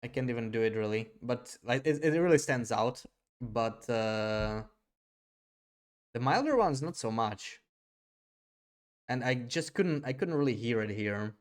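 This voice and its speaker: A man's voice: mid-range voice, expressive, a little slow, long pauses. A young adult man streaming a game live, thinking aloud in a hesitant, rambling way with frequent restarts.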